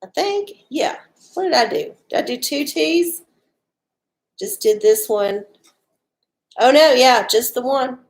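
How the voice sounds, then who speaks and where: A woman's voice: high voice, expressive, slow pace, pauses often. A woman hosting a casual livestream from home, chatty and profane, often laughing. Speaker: livestream host doing oracle readings. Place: home with dogs.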